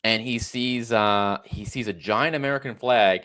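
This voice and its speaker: A man's voice: fairly low pitch, normal speed, few pauses, a bit bright. A man in his thirties hosting a casual commentary, reacting to a video in a sarcastic, incredulous tone. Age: 30s. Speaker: host.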